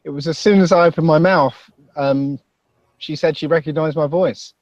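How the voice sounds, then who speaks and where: A man with a Basildon accent telling a story as a podcast guest, halting and self-deprecating. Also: a little high, fairly even intonation, a little mellow, no room sound, highs cut off. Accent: Basildon, Essex. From England. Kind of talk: casual chat.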